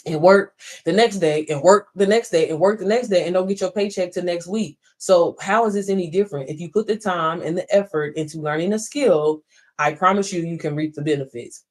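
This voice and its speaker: An online business coach in her thirties livestreams from home on her phone, talking straight to viewers in a casual, emphatic, somewhat preachy pep talk that mixes swearing with encouragement. Her voice is on the low side and darkish in tone, and she speaks a little fast.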